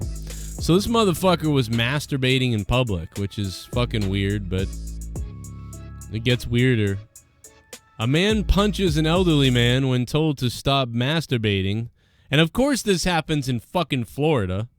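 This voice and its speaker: A man's voice: medium pitch, big pitch swings, a little slow, soft background music. A man hosting his own show, rambling crudely and profanely in casual commentary. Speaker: show host. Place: Boston area.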